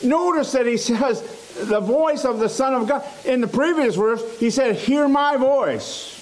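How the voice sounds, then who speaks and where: A man preaching a sermon in a church, slow and emphatic, repeating phrases for stress. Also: very high voice, expressive, a little hiss or hum, low-quality recording.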